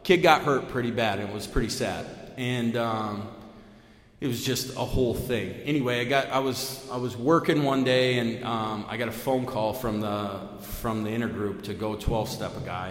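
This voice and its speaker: Man, mid pitch, casual storytelling speaker at a meeting, heavy fillers, animated swings, recorded in a reverberant hall. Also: moderate pace. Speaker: AA main speaker. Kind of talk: personal recovery talk at a meeting. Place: meeting room. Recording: echoey hall, long reverb.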